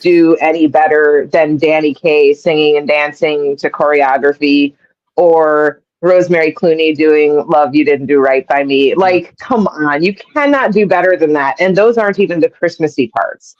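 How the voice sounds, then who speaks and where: A woman co-hosting a podcast in casual chat, talking with playful emphasis and quick asides. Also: low-pitched, no echo. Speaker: podcast co-host. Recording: dull lo-fi dry sound.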